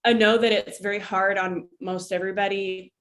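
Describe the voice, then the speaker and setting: An army veteran talks candidly to her viewers in a casual vlog, often drifting into asides. Her mid-range voice is steady and a bit bright, moving at a moderate pace as she speaks to camera.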